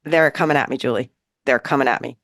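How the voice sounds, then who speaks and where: A woman co-hosting a podcast in casual chat, telling a story in an animated way and acting out what people said. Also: a bass voice, fast talker, no echo, studio quality. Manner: animated, acts out quoted lines. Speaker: podcast co-host. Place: New York City.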